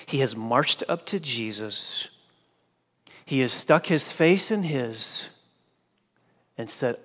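A man preaching a sermon, swinging from loud emphatic declarations to hushed, quiet lines. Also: mid-range voice, expressive, slow pace, long pauses. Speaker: pastor. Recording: long hall reverb.

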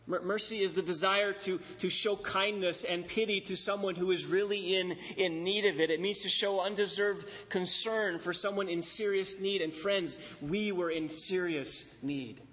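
Pastor, male, high-pitched, emphatic and deliberate; muffled sound with long hall reverb. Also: sharp tone. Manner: emphatic, repeats key phrases, slows on stressed words. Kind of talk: expository sermon. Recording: dull recording in a reverberant hall.

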